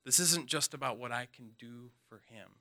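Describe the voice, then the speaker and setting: Man, bright voice, mid pitch, telling his own story, earnest, halting, restarts often. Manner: drops soft and quiet at emotional moments. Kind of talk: personal story monologue.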